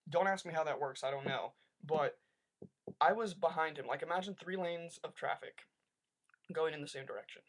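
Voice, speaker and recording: A young man telling a rambling story to his webcam, animated and full of "like", in a casual vlog. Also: on the high side, moderate pace, slight background noise. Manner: rambling, animated rants with lots of "like". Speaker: vlogger.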